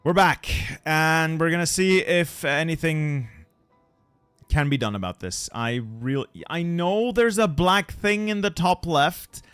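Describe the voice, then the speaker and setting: A man's voice: fairly high pitch, animated, slow, fairly bright tone, smooth, no room sound, soft background music. A young man streaming a strategy game from home, grumbling at broken gear and swearing as he chats with viewers. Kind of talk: casual live-stream chat.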